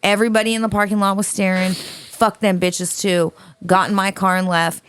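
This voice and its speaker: A woman's voice: medium pitch, level tone, normal speed, fairly bright tone, clean tone, no room sound. A woman co-hosting a podcast, reading a listener's letter aloud in a blunt, profane, dramatic way.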